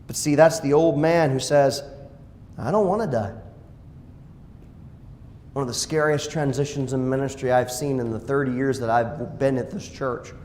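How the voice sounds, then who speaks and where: A male pastor preaching a sermon, dropping to quiet asides and rising to loud exclamations. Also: mid-range voice, slight background noise. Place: church sanctuary. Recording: echoey church hall.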